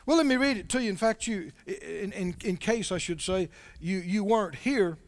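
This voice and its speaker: A man's voice: high voice, moderate pace, long reverb tail. A man preaching a sermon as pastor, conversational, asking his congregation questions as he reads.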